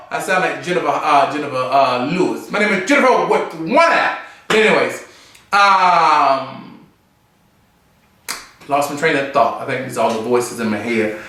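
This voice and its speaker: A man chatting through a review in a campy, sassy manner, his voice high and bright. It rings out in a very echoey room, picked up from a little way off the mic. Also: normal speed, distant mic. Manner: campy, sassy, animated, full of asides and mimicry. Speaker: drag show reviewer. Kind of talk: casual review chat. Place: room, seated on a stool.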